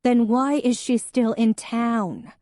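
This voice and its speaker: Narrator putting on a defensive young woman, emotional, pitched up. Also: moderate pace, no room sound, clean studio sound, natural voice. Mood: upset. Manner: sharp, raised, emotional.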